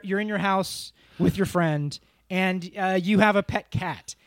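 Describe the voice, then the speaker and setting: A man's voice: high-pitched, no echo, studio quality. A man co-hosting a podcast with his brother, chatting casually about a film in a rambling, self-interrupting, amused way. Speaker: podcast co-host. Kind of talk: casual movie-review chat.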